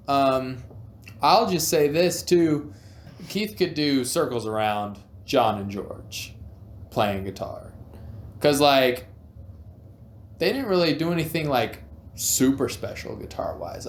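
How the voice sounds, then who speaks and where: A man's voice: fairly high pitch, expressive, slow pace. Laid-back man in an echoey room. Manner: laid-back, laughs easily, "you know" fillers. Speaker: co-host. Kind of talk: casual debate chat. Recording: roomy echo with faint music.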